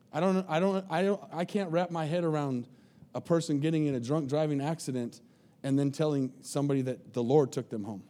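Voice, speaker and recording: A male pastor delivers a sermon in an earnest, pleading way, stumbling over repeated words as he presses his point. His voice sits a little high for a man, yet its tone is mellow and dark. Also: fast talker.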